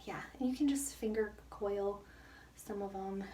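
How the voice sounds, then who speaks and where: A woman's voice: mid-range voice, a little slow, warm tone, slight background noise. A young woman chatting casually through a hair tutorial in a hot bathroom, out of breath from the heat, self-mocking and laughing often. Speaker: hair care vlogger. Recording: echoey bathroom, mic at a distance.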